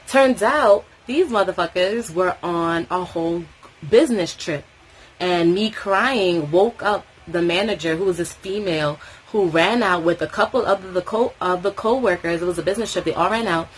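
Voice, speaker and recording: A young woman from Tobago telling a story in casual vlog chat, animated and swearing freely. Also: fairly low pitch, moderate pace, a little hiss or hum, low-quality recording. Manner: animated, swearing freely, acting out quoted voices.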